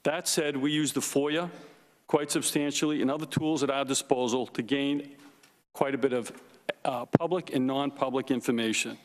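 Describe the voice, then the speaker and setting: A man testifying from a desk microphone, slow and firm, stressing each point and repeating it. His voice rings out with a long reverb from a large hearing room, and his pitch sits at an ordinary middle level. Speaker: forensic investigator testifying at a hearing. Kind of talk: prepared testimony.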